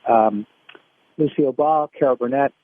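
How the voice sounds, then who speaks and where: A man from Michigan, a guest voice actor, telling stories in an animated way with many restarts in a casual interview. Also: mid-range voice, moderate pace, dry recording. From Michigan, USA. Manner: animated storyteller, frequent restarts. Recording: dry, phone-like line.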